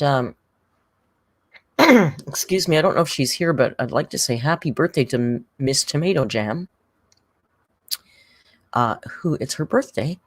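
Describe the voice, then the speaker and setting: In a dry recording, a livestreamer with a mid-range voice rambles through casual chat. They read viewer comments aloud, thank members, talk to their pet cat between comments, and laugh a lot amid frequent filler words.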